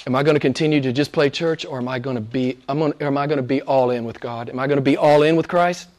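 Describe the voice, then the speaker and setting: A man preaching a sermon as pastor, moving between hushed, almost whispered lines and loud, emphatic passages. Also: mid-range voice, fast.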